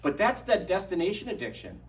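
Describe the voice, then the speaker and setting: A middle-aged man giving a lively, joking parish talk to an audience, telling stories as he goes. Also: high-pitched, brisk. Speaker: adult formation speaker. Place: parish hall. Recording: echoey hall from far off.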